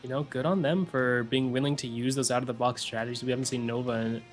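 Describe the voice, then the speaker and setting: A man's voice: mid-range voice, steady tone, quick pace, soft background music. A young man giving earnest, analytical color commentary on a live esports match.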